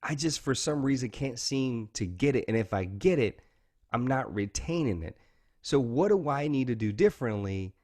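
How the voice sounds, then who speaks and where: A man's voice: mid-range voice, expressive, moderate pace, darkish tone. A man, talking earnestly and openly as an interview guest, often saying "man" and "you know". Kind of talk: candid interview talk.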